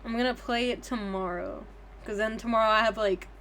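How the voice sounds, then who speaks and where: A woman's voice: fairly high pitch, fairly even intonation, a little fast, a bit bright, slight background noise. A young woman streaming a game, chatting casually in a rambling, profane, giggly way. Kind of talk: casual livestream chat.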